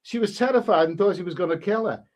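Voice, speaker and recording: A man's voice: high-pitched, quick pace, a little mellow. A man hosting a live stream, reading a story aloud in a casual way and breaking off to answer the chat.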